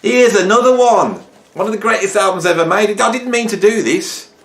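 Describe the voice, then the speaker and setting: A man's voice: high-pitched, lively intonation, fairly quick, a bit bright. A middle-aged man chatting enthusiastically and jokily about his vinyl records at home. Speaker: music YouTuber. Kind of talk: casual vlog chat. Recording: roomy echo.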